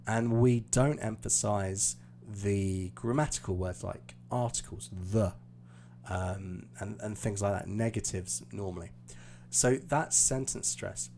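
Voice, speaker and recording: Casting: British male English tutor, unhurried, low warm voice, on a live stream. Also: vocal fry, a little hiss or hum. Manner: explaining patiently, hesitant fillers. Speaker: IELTS teacher.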